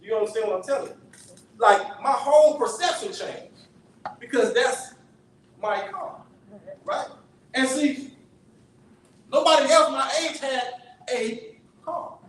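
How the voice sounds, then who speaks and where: Unhurried and given to long pauses, a man with a high, slightly bright voice tells a sermon-style story, easygoing and conversational, regularly asking his audience "right?" The sound comes from afar in a very echoey sanctuary, with a faint hiss.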